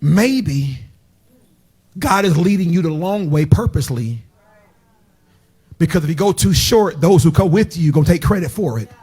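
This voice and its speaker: A middle-aged man preaches from the pulpit. His voice sits high for a man and sounds husky. He swings from loud, shouted praise down to quiet, hushed storytelling. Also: expressive, moderate pace, pauses often. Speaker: pastor. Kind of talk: sermon. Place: church sanctuary.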